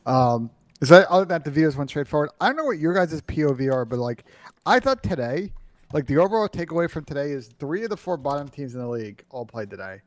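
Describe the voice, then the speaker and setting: A man co-hosting an esports podcast, giving measured, analytical takes in casual chat. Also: fairly high pitch, very animated. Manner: measured, analytical, stat-minded.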